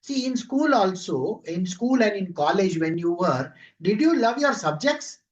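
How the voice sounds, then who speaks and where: A man's voice: high voice, big pitch swings, measured pace, dull audio. Man giving a conversational devotional talk. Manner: conversational, full of rhetorical questions and acted-out quotes. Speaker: spiritual teacher giving a satsang talk.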